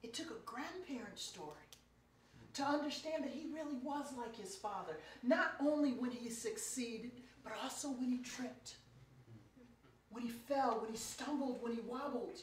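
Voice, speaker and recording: A woman preacher giving a storytelling lecture, animated and playful with her audience. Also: fairly high pitch, normal speed, a little hiss or hum. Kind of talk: sermon-style storytelling lecture. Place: lecture room. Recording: echoey room, picked up from a distance.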